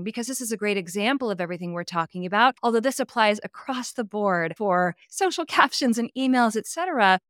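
A woman from California, a voice coach talking in a podcast interview, expressive and emphatic, often adding "right?" asides. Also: a little high, no room sound, studio quality.

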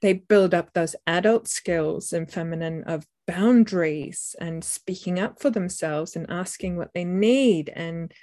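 Woman co-host, slightly low voice, measured and reflective. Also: warm tone. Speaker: parenting podcast co-host. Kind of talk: casual discussion.

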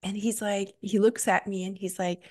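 A woman's voice: medium pitch, flat delivery, moderate pace, darkish tone. A young adult woman hosting a solo podcast, telling a story with gushing enthusiasm and many fillers. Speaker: podcast host.

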